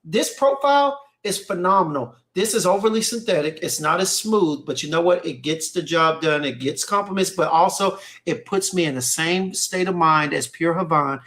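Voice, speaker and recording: A man with a fairly high voice talks loosely on a casual podcast, his speech rambling and circling back on itself. He keeps checking in with his listener as he goes. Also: moderate pace, hardly any pauses, fairly bright tone. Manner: loose, repeats "you know what I'm saying". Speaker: co-host. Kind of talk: casual chat.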